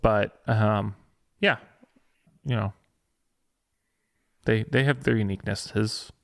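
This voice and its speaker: A man's voice: lowish voice, steady tone, slow, gravelly, no echo. A man co-hosting a podcast, chatting casually about gear news with lots of fillers and restarts. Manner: hesitant, many fillers and restarts. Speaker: podcast co-host.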